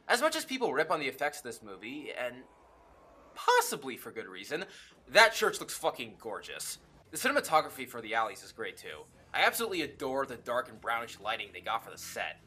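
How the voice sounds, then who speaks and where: A male film reviewer talks through a movie with real enthusiasm, throwing in swear words and joking asides. His voice is bright and forward, and his pitch swings widely as he gets excited. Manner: enthusiastic, swears freely, quick jokey asides. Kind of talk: casual video review.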